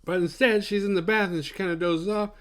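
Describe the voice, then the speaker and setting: A man's voice: high voice, steady tone, fairly quick, a bit bright, smooth. A man hosting a horror movie review show, recapping the plot in a rambling, profane, sarcastic way.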